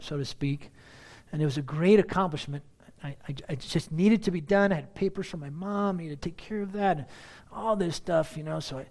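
A man reading scripture aloud expressively, then speaking softly and personally as a preacher. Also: a little high. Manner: expressive reading, then soft confessional talk.

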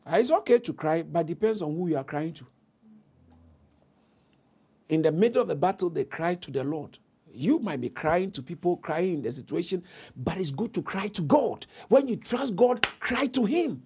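A man's voice: high-pitched, big pitch swings, moderate pace, warm tone, slightly rough. A man preaching a sermon with fervent, impassioned delivery and bursts of speaking in tongues.

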